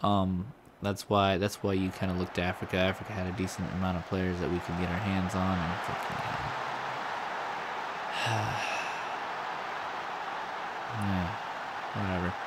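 Male let's-play host, low-ish voice, irritated, rambling, curses constantly, background hiss on the track. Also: flat delivery, a little fast. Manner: frustrated, swears a lot, rambling. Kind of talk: casual gameplay commentary. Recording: audible background noise.

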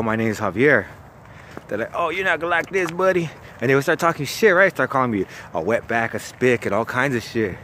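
A man with a relaxed Chicano accent tells his stories in a loose, profane way, with plenty of "like" and "you know what I mean". His voice sits at an ordinary middle pitch. Faint traffic hum from outdoors runs underneath. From California. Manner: profane, laid-back storytelling full of fillers. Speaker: former bank call-center worker. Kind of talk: casual storytelling vlog.

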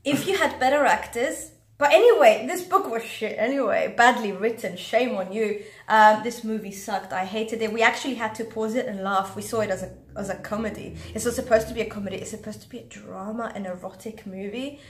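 A woman's voice: a little high, a little fast, hardly any pauses, slight background noise. A woman reviewing movies in casual chat, scathing and sarcastic in her blunt verdicts. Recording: echoey room.

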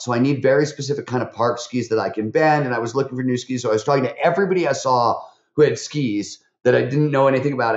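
Animated man telling stories in a roomy sound. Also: medium pitch, lo-fi sound. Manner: animated, fast-talking, with many fillers and acted quotes. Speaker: podcast guest, author. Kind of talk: conversational interview storytelling.

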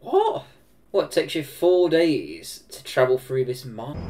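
A man with an English Midlands accent reacting to a film, excitable, swearing and laughing often. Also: fairly high pitch, a little slow, over music. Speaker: reaction video host. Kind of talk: casual reaction commentary.

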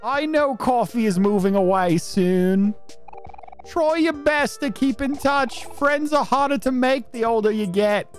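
A man voicing a gentle, doting middle-aged mother in a vague made-up accent. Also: high-pitched, lively intonation, measured pace, long pauses, soft background music.

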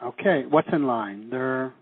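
Seminar teacher, man from Canada, middle-aged; lively and quizzing, husky tone, phone-thin sound. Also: medium pitch, a little slow, no echo. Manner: lively, asks the class questions, acts out quoted reactions. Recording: tinny phone-like audio.

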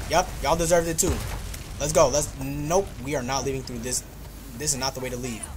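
A man's voice: mid-range voice, a little fast, background noise. A man streaming a game live, joking and trash-talking enemies while talking to himself and his chat. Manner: excitable outbursts, talks to himself and chat. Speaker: gaming streamer. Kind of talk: live gameplay commentary.

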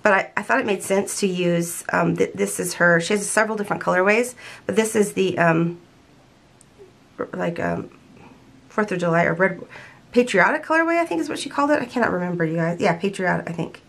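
A woman's voice: fairly low pitch, fairly even intonation, brisk, gravelly. An older woman chatting casually at home about a planner haul, gushing and often restarting her sentences. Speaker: planner vlogger.

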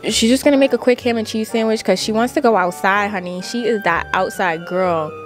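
A young woman giving casual, playful commentary while playing a life-sim game, full of "like" and quick asides. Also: mid-range voice, faint music behind. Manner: chatty, playful, lots of "like". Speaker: gaming YouTuber. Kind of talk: casual let's-play commentary.

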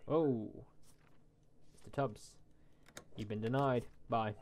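A man's voice: medium pitch, moderate pace, pauses often, a little mellow, a little hiss or hum. A man hosting a casual let's-play, reading game text aloud and adding mock asides in a jokey tone. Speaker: gaming channel host.

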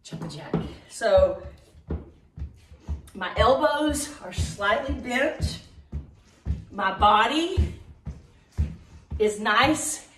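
A woman's voice: fairly high pitch, expressive, drawn-out words, pauses often, a bit bright, faint music behind. A middle-aged woman leading a live workout class, chatty and upbeat, counting reps and getting out of breath. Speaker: fitness instructor. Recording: echoey room from a distance.

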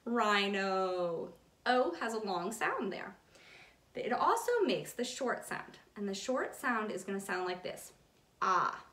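Upbeat sing-song preschool teacher. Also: female voice, a little high, big pitch swings, a little slow, fairly bright tone, recorded from a distance. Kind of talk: online circle time lesson for young children. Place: home room. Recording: echoey room, a bit off-mic.

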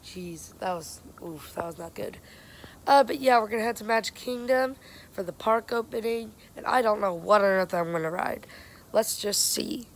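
A woman vlogging casually from a theme park and hotel, excitable and quick to shriek and laugh, filming on a handheld camera. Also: mid-range voice, slight background noise. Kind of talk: casual travel vlog. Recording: theme park crowd and music behind.

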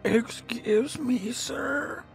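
A man voicing a frail, lost old ghostly man with a high, shaky, quavering voice and a slow, faint, pleading way of speaking. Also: vocal fry, soft background music, heavily acted.

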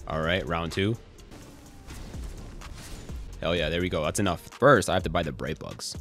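A young man giving casual, excitable gameplay commentary, swearing and cracking jokes as he plays. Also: low voice, moderate pace, pauses often, soft background music. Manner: excitable, swearing, jokey, quotes song lines and memes. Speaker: gaming YouTuber.

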